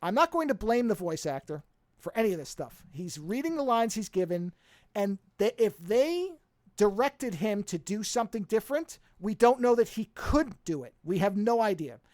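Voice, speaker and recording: A podcast co-host chatting casually with a friend. The delivery rambles and restarts often, and the pitch swings widely. The recording is dry and close, with no room sound. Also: moderate pace, no room sound. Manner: animated, rambling, frequent restarts.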